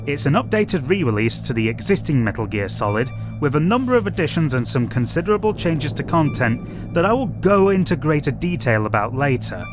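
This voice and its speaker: A young man reading a measured, lightly wry scripted game review. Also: on the high side, big pitch swings. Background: faint background music.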